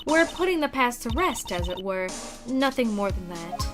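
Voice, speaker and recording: Cool curt big sister type, a woman reading it, low and measured. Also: very animated, music in the background. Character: cool, reserved grown woman, older sister.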